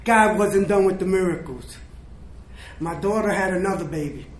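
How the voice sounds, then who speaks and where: A man's voice: high-pitched, moderate pace. An older man from the South Bronx giving an emotional personal testimony as a recovery speaker, telling his story with quoted dialogue. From South Bronx, New York. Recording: echoey room, faint noise.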